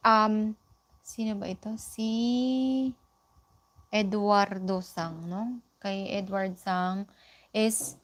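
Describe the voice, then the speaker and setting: Filipino lady teaching japanese online, slow and patient, repeats example phrases. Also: medium pitch. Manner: explains slowly, repeats example phrases, mixes in Tagalog. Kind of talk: live online lesson.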